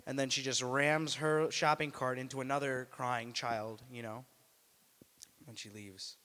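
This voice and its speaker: A young man works through an open mic stand-up set, deadpan between bits and then loud and shrill when he acts them out. His voice sits in a middle register. The live room gives him a long, hanging reverb. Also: moderate pace. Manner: deadpan delivery with loud high-pitched put-on voices. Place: small student venue.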